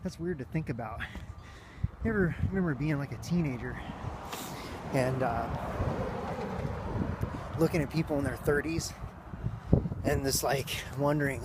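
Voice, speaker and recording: A man's voice: medium pitch, a little slow, pauses often. A man in his thirties with a nasal voice, talking in a casual vlog. He rambles earnestly, mixes in self-mocking jokes and sounds sleep-deprived. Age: 30s. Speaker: vlog host and father. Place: outdoors while walking between offices. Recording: noisy street and traffic sound.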